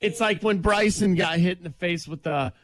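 A man co-hosting a morning radio show, ranting about sports in a lively, joking way. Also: high voice, dry recording. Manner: lively, ranting, quick to laugh. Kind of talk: casual radio banter.

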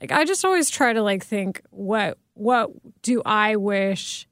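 A woman's voice: medium pitch, lively intonation, a little slow, a bit bright, dry recording, studio quality. A woman broadcaster as a podcast guest, speaking in a frank, reassuring and supportive way. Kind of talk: candid podcast conversation.

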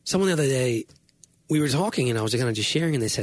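A man's voice: medium pitch, lively intonation, very fast, no room sound, studio quality. A man co-hosting a casual Christian conversation, speaking earnestly and rambling, often correcting himself mid-sentence. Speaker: Christian podcast co-host.

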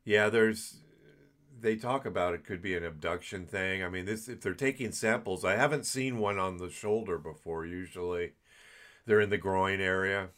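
A man hosting a casual interview podcast, giving relaxed, short encouraging replies and follow-up questions. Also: low voice, moderate pace. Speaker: podcast host.

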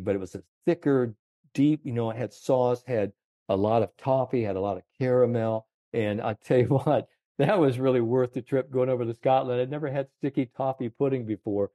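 A man in his seventies, a golf confidence coach, telling animated stories in an interview, full of "you know". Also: fairly low pitch, no echo. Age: 70s. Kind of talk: storytelling interview chat.

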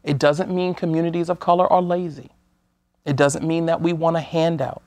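A woman from the United States speaking as a guest on an interview show, measured and earnest, sometimes restarting her sentences. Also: deep voice, fairly even intonation, a little mellow, no room sound. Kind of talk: conversational talk-show interview.

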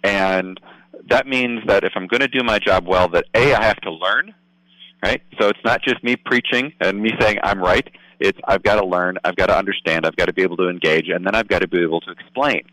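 A man's voice: low-pitched, fairly quick, pushed and bright, no echo, poor audio. A man speaking as a political guest on a radio show, earnest and explanatory, often asking "right?". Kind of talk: casual radio talk.

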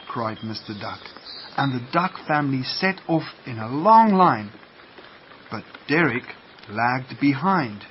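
A man reading a children's story aloud on the radio in a slow, gentle read-aloud manner. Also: medium pitch, expressive. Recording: muffled lo-fi radio, faint hiss.

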